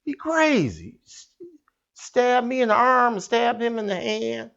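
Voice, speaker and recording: A man doing a shrill, panicked wounded neighbor. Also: lively intonation, unhurried, gravelly, a bit bright, highs cut off, heavily acted.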